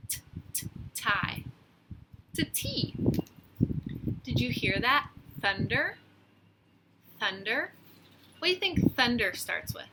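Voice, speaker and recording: A woman teacher giving a phonics lesson to young children, slowly sounding out letters with encouragement, outdoors on a deck. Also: a little high, big pitch swings. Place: outdoors on a deck by a lake, rain starting. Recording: loud outdoor noise.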